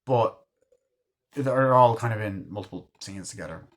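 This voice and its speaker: A man's voice: lowish voice, normal speed. Rambling, profane young-sounding man reviewing films. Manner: rambling, profane, lots of fillers like "you know" and "like"; enthusiastic fan. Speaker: movie reviewer. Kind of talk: casual spoken film review.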